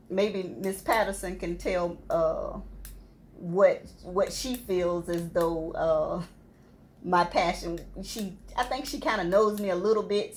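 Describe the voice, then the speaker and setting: A woman's voice: fairly low pitch, slight background noise. A woman minister answering interview questions, speaking about her passion for youth and seniors. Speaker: community organization minister. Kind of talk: interview guest.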